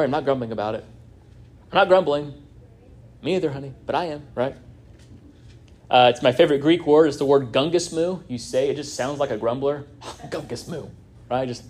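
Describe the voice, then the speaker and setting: Conversational American pastor preaching. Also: male voice, medium pitch, a little mellow. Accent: American Midwest. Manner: conversational, asks "right?" often. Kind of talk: sermon.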